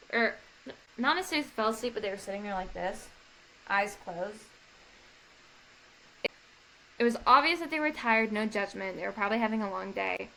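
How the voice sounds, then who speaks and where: Young female debate coach, casual tutorial, upbeat, emphatic, bright tone. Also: a little high, poor audio. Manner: upbeat, emphatic, acts out sample speeches. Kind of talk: casual instructional talk.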